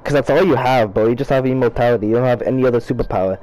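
A man's voice: medium pitch, very fast, darkish tone, rough recording. A young man chatting casually and profanely while playing a game, rambling about superpowers between frustrated outbursts. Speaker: gamer. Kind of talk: casual gameplay commentary.

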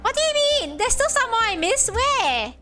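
A woman's voice: very high voice, big pitch swings, normal speed. A woman streaming a game, talking to herself in casual chat and breaking into frustrated outbursts and yelps. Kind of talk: casual gaming livestream. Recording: music clearly behind voice. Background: game music.

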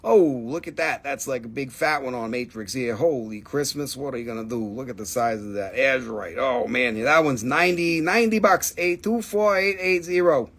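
A male host selling minerals on a live stream. He is excitable and playful and reels off prices and stock numbers. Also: mid-range voice, moderate pace, few pauses, breathy edge. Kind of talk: live sales stream, casual chat.

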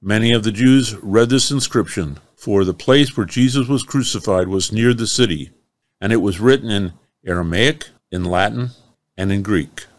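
A man reading a chapter of the Bible aloud, slow, measured and solemn. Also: on the low side, dry recording. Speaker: scripture reader.

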